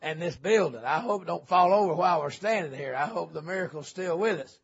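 A man preaching a revival sermon, folksy and joking, dropping to low asides and rising to shouts. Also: expressive, normal speed, creaky, husky, muffled recording. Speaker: visiting preacher. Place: church sanctuary.

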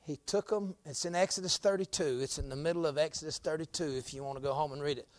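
A high-pitched man preaches a fiery, folksy sermon. He swings from near-murmurs up to ringing shouts. The recording is dry and close. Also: fast talker, no room sound. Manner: folksy, drops to low murmurs then climbs to shouting.

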